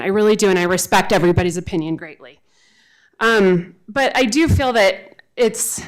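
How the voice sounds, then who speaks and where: Woman, forties, resident public comment, halting, earnest, podium microphone. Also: mid-range voice, low-quality recording. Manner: earnest, halting, with many restarts and fillers. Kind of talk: unprepared public comment at a council meeting. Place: council chamber, speaking at a podium.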